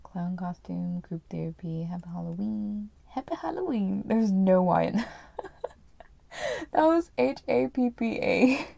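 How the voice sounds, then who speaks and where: Woman reading stories out, swears a lot, sarcastic, mellow gravelly voice, dry sound. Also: medium pitch, a little slow, no room sound. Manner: crude, sarcastic, laughing. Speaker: reader of story submissions. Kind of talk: casual reading and reacting.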